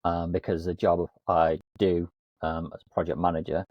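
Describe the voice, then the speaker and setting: Man, very low voice, self-mocking, casual podcast chat. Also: level tone, normal speed, no echo, highs cut off. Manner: self-mocking, laughs often. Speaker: podcast co-host, coach.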